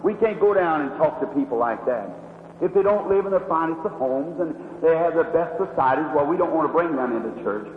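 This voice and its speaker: A man's voice: fairly high pitch, expressive, fairly quick. A man preaching a revival sermon, telling the story in a dramatic, fervent way with sweeping rises and drops. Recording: echoey hall, dull lo-fi with faint hum.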